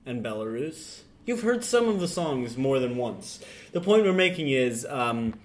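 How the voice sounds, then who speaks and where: A man hosts a casual podcast conversation in an easy, playful way. Now and then he sinks into a low, smooth put-on radio voice. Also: big pitch swings, measured pace. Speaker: podcast host. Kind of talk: casual chat.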